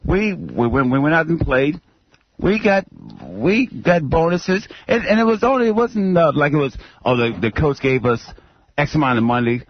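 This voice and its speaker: A former pro football player guesting on a radio show, answering in halting, stammering restarts. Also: male voice, a little high, lively intonation, lo-fi sound. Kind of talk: radio interview.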